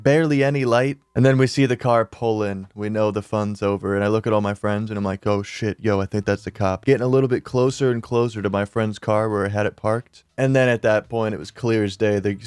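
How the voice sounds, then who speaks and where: A young man telling a story casually to camera, animated and swearing, acting out what people said. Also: on the low side, clean tone, no room sound. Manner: animated, swears a lot, acts out quotes. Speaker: YouTuber. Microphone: studio mic on an arm.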